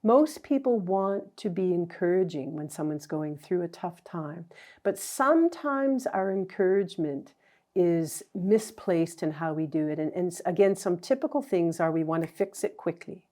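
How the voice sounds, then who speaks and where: A woman's voice: fairly low pitch, animated, moderate pace, dark tone. A middle-aged woman teaching a counselling training session in a conversational way, acting out sample phrases as she goes.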